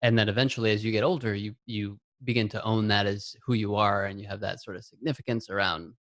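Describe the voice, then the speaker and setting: A man's voice: lowish voice, steady tone, fast talker, fairly bright tone, no echo. A man hosting an interview, enthusiastic and affirming, reflecting back on what his guest says; he is a father of a young child. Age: adult, father of a young child. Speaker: interview host. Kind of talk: conversational interview.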